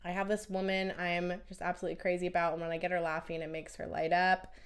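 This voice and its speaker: A woman's voice: on the low side, level tone, fast, clear, resonant tone. A woman hosting a casual live stream as a relationship coach, talking emphatically and chattily while she has a cold and keeps coughing. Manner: emphatic and chatty, with frequent "right?" and repeated words.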